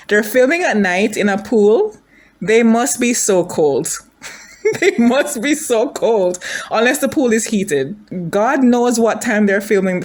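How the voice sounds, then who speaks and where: A woman chatting casually as she reacts to a drama, thinking aloud, gushing, and asking her viewers questions. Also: lowish voice. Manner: emotional, gushing.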